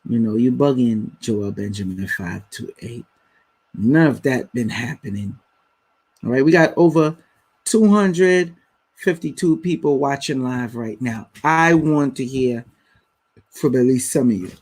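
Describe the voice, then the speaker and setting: A man's voice: mid-range voice, unhurried, darkish tone, husky. Blunt slangy man hosting a livestream. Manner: blunt, slangy, talks to viewers. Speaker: livestream host. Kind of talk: casual live-stream commentary.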